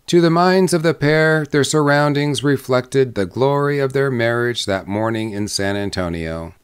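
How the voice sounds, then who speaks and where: A man reading a short story aloud as an audiobook narrator, with measured pacing that slows on descriptive lists. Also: mid-range voice, clear, resonant tone. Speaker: audiobook reader. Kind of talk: scripted narration.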